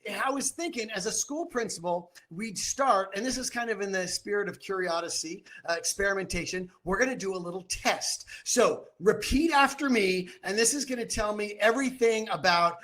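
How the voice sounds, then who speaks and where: A man in his fifties working as an auctioneer, emceeing a gala with boisterous, crowd-rousing energy and shouted cheers over a video call. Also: high voice, normal speed, few pauses.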